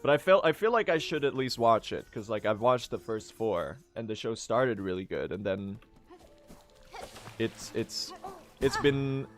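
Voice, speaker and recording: A man's voice: mid-range voice, lively intonation, unhurried, faint music behind. Rambling young male streamer. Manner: rambling, self-deprecating, laughs often. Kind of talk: casual chat while speedrunning a game.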